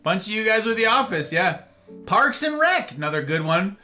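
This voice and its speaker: Streamer host, male, bright tone, animated rambling chat, faint guitar underneath. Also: high voice, moderate pace. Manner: rambling, animated, acts out little dialogues. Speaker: livestream host. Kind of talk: casual chat with live viewers. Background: faint guitar music.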